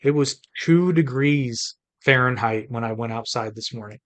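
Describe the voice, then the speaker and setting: A man's voice: medium pitch, normal speed, a bit bright. Chatty man co-hosting a podcast. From United States. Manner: chatty, rambling, talks in restarts. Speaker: podcast co-host. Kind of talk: casual chat.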